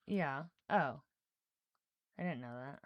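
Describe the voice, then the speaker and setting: A woman's voice: sits low, takes it slowly, dry recording, lo-fi sound. A woman co-hosting a casual podcast chat, playful, answering in short replies.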